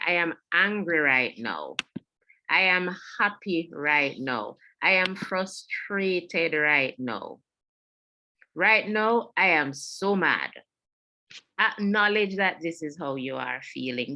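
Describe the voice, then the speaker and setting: In an online webinar on mental health, a Jamaican-accented woman speaks in a low, bright, forceful voice. She is sincere and keeps repeating her key messages.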